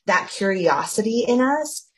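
A woman co-hosting a faith-based podcast, speaking in an earnest, deliberate casual chat. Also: medium pitch, lively intonation, husky. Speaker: podcast co-host.

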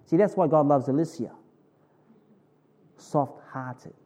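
A male pastor teaching a sermon with animated, vivid storytelling. His voice sits a little high for a man but sounds soft and mellow. He keeps an informal tone and often stops to correct himself. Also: takes it slowly. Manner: informal, self-correcting asides.

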